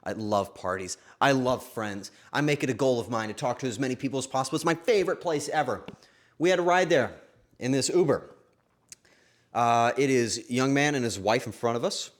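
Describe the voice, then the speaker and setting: A young man hosting a stream, telling a story to his chat in a casual, swearing, animated way. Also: mid-range voice, fairly quick. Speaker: streamer host.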